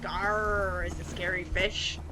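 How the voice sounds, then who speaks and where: A woman's voice: lowish voice, fairly even intonation, slow pace, rough recording. A woman streamer chatting casually while playing a game, joking and muttering at the screen. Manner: playful, jokey, muttering to the game. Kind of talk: casual gameplay chat. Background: game music.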